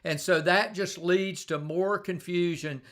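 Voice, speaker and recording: A man's voice: high-pitched, fairly even intonation, measured pace, a bit bright. A middle-aged man giving a conversational live-streamed leadership talk, telling stories and often repeating and restarting words. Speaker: leadership speaker.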